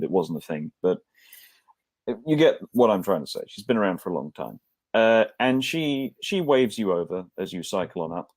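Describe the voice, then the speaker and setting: A man's voice: low voice, darkish tone, no echo, clean studio sound. A man running a tabletop role-playing game, narrating in a rambling, hesitant way with wry asides. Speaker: game master.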